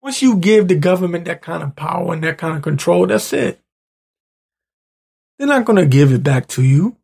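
A man rants at his audience with angry, profane energy, his voice gravelly and rough at the edges. He sits slightly higher than most men and keeps pushing into heated bursts. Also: animated, moderate pace, a little mellow. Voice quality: gravelly, husky. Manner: angry, profane, ranting, rising to heated outbursts. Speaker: show host. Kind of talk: profane political rant.

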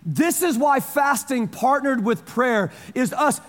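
Pastor in his forties, lighter-pitched male voice, chatty story-led sermon, big hall with long reverb. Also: lively intonation, takes it slowly. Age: 40s. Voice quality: conversational storytelling, repeats phrases for emphasis.

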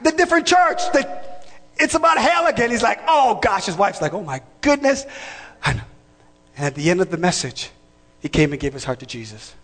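A man preaching a sermon in a church, emphatic and shouting, calling out to the congregation. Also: high-pitched, very animated, fairly quick. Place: church sanctuary. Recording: long reverb of a large hall.

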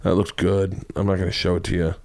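A man's voice: low voice, fast, creaky. A middle-aged man hosting his own podcast, rambling through stories in a loose, profane, comedic monologue. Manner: profane, rambling, animated storytelling. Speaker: podcast host.

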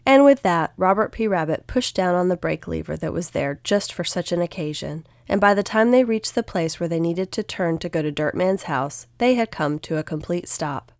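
Lower-voiced woman narrator for a children's audiobook, steady delivery, dry close recording. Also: normal speed, few pauses, dry recording.

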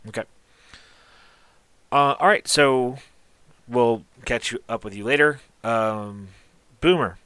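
A man narrating as game master of a tabletop game in a relaxed, halting way. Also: medium pitch, clean tone, no echo.

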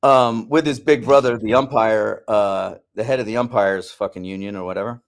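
A man co-hosting a podcast, telling a long story in a heated, animated way and swearing often. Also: lowish voice, moderate pace. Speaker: podcast co-host. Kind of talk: casual storytelling.

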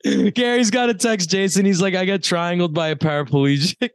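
A man's voice: sits high, brisk, no echo, clean studio sound. A man co-hosting a podcast, telling stories in casual chat, swearing and laughing often. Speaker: podcast co-host.

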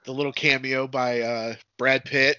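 A man with a bright, forceful voice joins a casual chat with short, agreeable comments. The sound is close and dry, with a dull, low-fidelity quality. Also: flat delivery, unhurried, clean tone, no room sound. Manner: brief, agreeable remarks.

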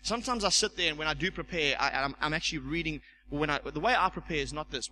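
A man preaching a sermon as pastor, animated, stumbling over repeated words and acting out the voices he quotes. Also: a little high, quick pace, a little hiss or hum, rough recording. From South Africa.

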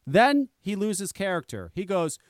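Male host, casual profane storyteller, higher-pitched and very expressive delivery. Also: unhurried, no room sound. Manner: animated, profane, acts out dialogue.

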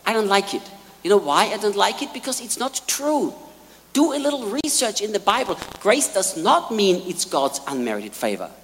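A man preaching a sermon in a large hall, emphatic, repeating key lines and swinging between quiet asides and loud peaks. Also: high voice, very animated, moderate pace. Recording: long hall reverb.

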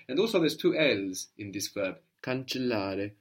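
A man teaching a language lesson, patiently encouraging and modeling words slowly, syllable by syllable. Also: fairly low pitch, expressive.

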